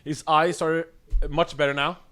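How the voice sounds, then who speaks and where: A man's voice: fairly high pitch, little pitch movement, measured pace, a loud crowd. A man hosting a podcast, easygoing and prompting with questions in casual chat.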